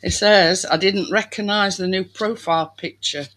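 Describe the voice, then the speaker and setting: A woman's voice: medium pitch, fairly even intonation, moderate pace, fairly bright tone, poor audio. A woman hosting a home baking video, chatting casually to viewers while she works and saying "me" for "my". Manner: uses dialect "me" for "my".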